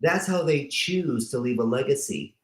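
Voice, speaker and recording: A man's voice: medium pitch, lively intonation, moderate pace. Guy hosting a talk show, playful, lists words off, echoey room. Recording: roomy echo.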